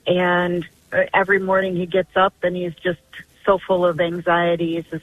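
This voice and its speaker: A woman's voice: on the low side, flat delivery, moderate pace, dry recording. Older woman on a tinny phone line. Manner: earnest, rambling storytelling. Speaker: caller. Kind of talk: phone-in radio call.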